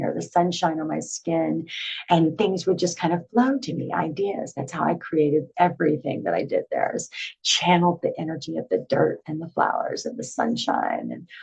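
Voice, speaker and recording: A middle-aged woman telling her own story to camera in a chatty, animated way, full of filler words. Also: deep voice, gravelly, slightly rough, poor audio.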